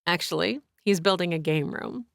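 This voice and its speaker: A woman's voice: fairly low pitch, normal speed, creaky, no room sound, studio quality. A woman lifting her voice into a bubbly, chatty innkeeper mom. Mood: cheerful. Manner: bubbly, talkative, welcoming. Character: chatty, cheerful young innkeeper mother.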